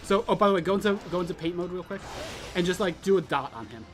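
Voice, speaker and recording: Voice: medium pitch, fast, soft background music. A co-host with a New Jersey accent, coaching a new player and joking insistently. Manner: animated, loudly insistent jokes. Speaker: co-host of a game stream. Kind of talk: casual gaming chat.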